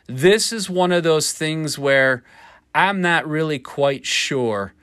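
A man hosting a casual sports podcast, talking in an animated, ribbing way with plenty of swearing. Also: medium pitch, dry recording. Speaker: podcast host.

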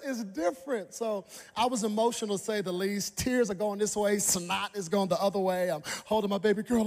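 A man in his thirties delivering a sermon as an animated storyteller. His voice sits slightly high, and he leaps into excited impressions of the people in his story. The long reverb of a large hall trails after each phrase. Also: fairly quick, few pauses. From Dallas, Texas. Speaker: pastor.

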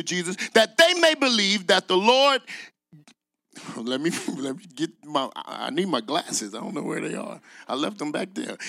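A man preaching a sermon as a guest preacher on a church stage, animated, leading call-and-response with the congregation and laughing in asides. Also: sits high, no echo. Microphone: microphone.

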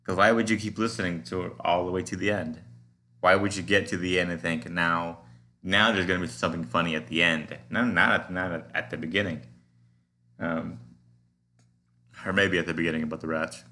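Male podcast host, deep voice with fry, rambling halting monologue. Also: steady tone, pushed and bright. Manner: musing, meandering, halting with many fillers. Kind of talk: casual rambling solo monologue.

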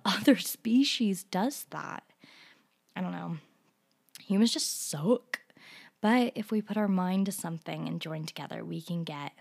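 A woman's voice: fairly low pitch, vocal fry, a little mellow. A young woman hosting her own podcast, talking casually with strong opinions, rambling a little and laughing often between points. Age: young adult. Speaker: podcast host. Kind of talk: casual solo podcast monologue.

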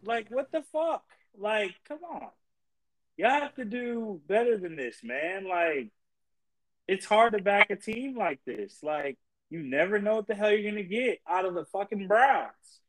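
A young man co-hosting a casual sports podcast, ranting in exasperation and swearing constantly, his pitch jumping high when he gets worked up. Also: lively intonation, a little slow, rough recording. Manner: profane, exasperated ranting with big pitch jumps. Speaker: podcast co-host.

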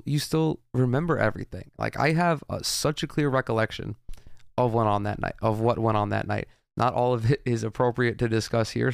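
A man's voice: mid-range voice, creaky, no echo, clean studio sound. A young man hosting a podcast, telling a rambling, profane story in a casual monologue. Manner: rambling, profane, with frequent restarts. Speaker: podcast host.

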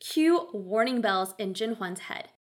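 A woman's voice: medium pitch, lively intonation, measured pace. A woman recapping a historical drama episode in a casual narrated style, with wry, sarcastic asides.

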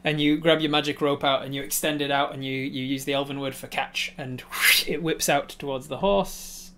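A man's voice: medium pitch, steady tone, normal speed, sharp tone, a little hiss or hum. A man narrating a tabletop game on a stream as game master, laughing often and acting out sound effects.

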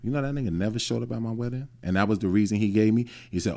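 A man's voice: fairly low pitch, very animated, a little fast. A man in his late thirties hosting a podcast, telling a personal story in a blunt, profane way. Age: 30s. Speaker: podcast host. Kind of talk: casual chat.

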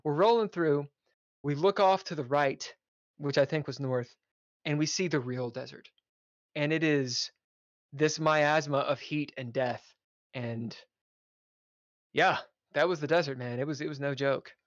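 A man's voice: a little high, measured pace, pauses often, dry recording. A man, a podcast guest, telling a casual road-trip story with swearing and laughter. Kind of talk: casual chat. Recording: dull lo-fi audio.

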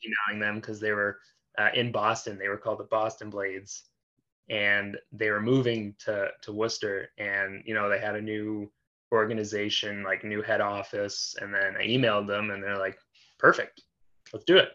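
A man's voice: fairly low pitch, completely flat delivery, moderate pace, pushed and bright, dull audio. A young man in his twenties, a designer guest, talking casually and easily with plenty of fillers. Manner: easygoing, laughs often, uses fillers. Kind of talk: casual interview chat.

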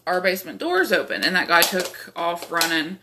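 A woman's voice: on the low side, sing-song, normal speed, noisy background. A young woman host telling a rambling, profane personal story, with lots of fillers. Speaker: podcast host. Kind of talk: casual storytelling.

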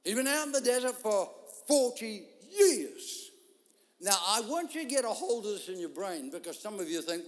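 A man preaching a sermon, telling a story in an animated way and acting out the voices of people in it. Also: high voice, normal speed. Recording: long hall reverb.

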